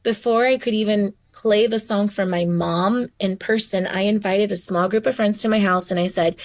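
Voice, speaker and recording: A woman's voice: medium pitch, fairly even intonation, moderate pace, few pauses, dry recording. A woman hosting a podcast interview, telling personal stories in an earnest, conversational way. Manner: earnest, storytelling. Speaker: podcast host. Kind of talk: casual interview talk.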